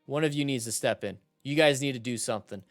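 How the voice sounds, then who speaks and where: A young man hosting a motorcycle channel, commenting on riding videos in a casual, animated way and giving blunt advice. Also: medium pitch, fast, no echo, clean studio sound, faint music behind.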